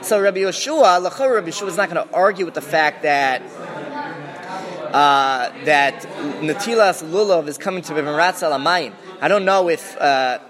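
Man teaching a Talmud class, slightly high voice. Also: moderate pace, crowd noise. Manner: thinking aloud with restarts and Hebrew-Aramaic terms.

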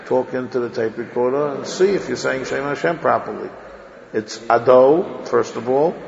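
A man giving a religious lecture to a class, sounding out Hebrew words slowly and repeating them to show how they should be said. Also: mid-range voice, creaky, slight background noise. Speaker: religious teacher. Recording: lo-fi echoey hall recording.

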